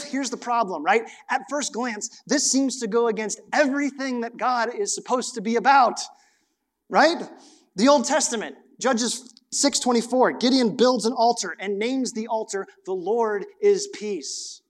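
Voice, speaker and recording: A man's voice: very high-pitched, a little slow. A middle-aged male pastor preaching a sermon, reading scripture aloud and asking rhetorical questions.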